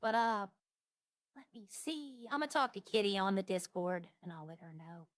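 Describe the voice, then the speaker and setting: A woman's voice: medium pitch, expressive, moderate pace, no echo. Chatty woman streamer, dry close sound. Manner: rambling, thinks aloud with fillers. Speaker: game streamer. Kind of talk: casual gameplay chat to viewers.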